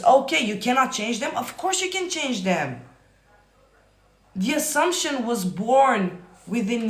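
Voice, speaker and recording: A man coaching manifestation on a live stream, answering viewer comments in a profane, emphatic, often yelling way. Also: high-pitched. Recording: roomy echo.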